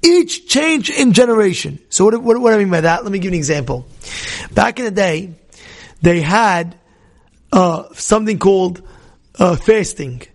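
A man whose voice sits high teaches a Torah class at a moderate pace. His storytelling is animated, with acted-out dialogue, many restarts, and swings between loud and soft.

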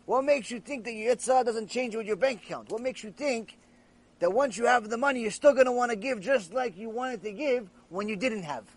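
A man, a rabbi, teaching a Torah ethics lecture, telling jokes in an animated storytelling way. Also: very high-pitched, fairly quick.

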